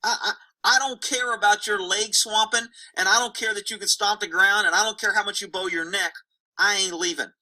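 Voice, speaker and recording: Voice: medium pitch, fairly even intonation, brisk, bright, forceful tone, poor audio. A horse trainer voicing a stubborn male horse that talks back in blunt, taunting slang. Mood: defiant.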